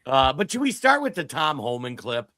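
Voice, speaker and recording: Man, political talk co-host, rambling storyteller, mid-pitched voice, dry close sound. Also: big pitch swings, normal speed, pushed and bright, no room sound. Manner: rambling storyteller with many restarts. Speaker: podcast co-host.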